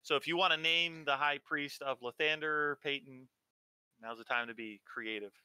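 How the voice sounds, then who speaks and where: Bright-voiced man running a tabletop game. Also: a little high, fairly even intonation, normal speed, clean tone, no room sound, rough recording. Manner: casual, with filler words. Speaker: game master.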